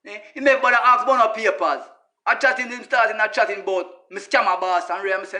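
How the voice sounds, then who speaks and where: A man's voice: high voice, fast, sharp tone. A man with a Jamaican accent speaking in patois, ranting emphatically in a casual monologue and repeatedly calling his listeners brother. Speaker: social media personality.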